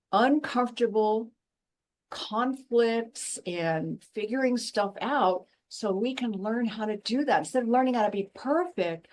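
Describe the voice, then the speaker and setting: A woman guest, once a professor, speaking in a blunt, emphatic and animated way in a passionate interview conversation. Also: on the high side. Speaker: guest, former professor and intuitive.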